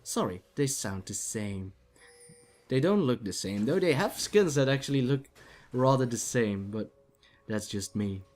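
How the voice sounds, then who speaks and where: A man's voice: medium pitch, expressive, unhurried, darkish tone, faint music behind. Chatty male esports commentator. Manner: chatty, talks to the players on screen. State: voice getting dry and rough. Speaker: game commentator.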